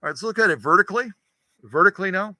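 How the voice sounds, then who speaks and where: He talks very fast in a high, sharp-toned voice, with no echo on the recording. Demonstrating stitches in his workshop for his sewing machine channel, he keeps things chatty and jokey, muttering to himself while he works.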